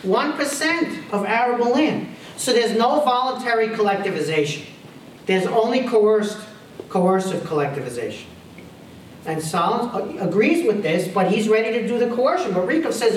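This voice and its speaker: A man's voice: sits high, lively intonation, moderate pace, slight background noise. A man giving a university history lecture, emphatic, firing off rhetorical questions and repeating his key phrases. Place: lecture hall. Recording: roomy hall audio picked up from a distance.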